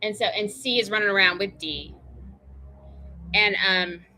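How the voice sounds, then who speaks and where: Bright-voiced woman telling a rambling story. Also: mid-range voice, unhurried, a little hiss or hum. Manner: chatty, meandering, full of tangents and fillers. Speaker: show host.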